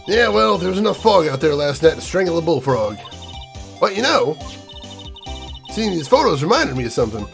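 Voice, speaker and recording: A man's voice: a little high, sing-song, fairly quick, vocal fry, pauses often, faint music behind, pitched above the performer's own voice. Brief: male streamer voicing a sassy Southern gal who drawls in homespun sayings, voice leaping all over the place. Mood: folksy. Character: folksy chatty Southern woman photographer.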